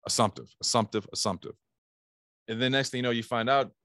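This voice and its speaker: A man's voice: mid-range voice, steady tone, fairly quick, fairly bright tone, dry recording, clean studio sound. A man giving casual sales coaching, talking animatedly and acting out phone calls in bursts. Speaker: sales trainer.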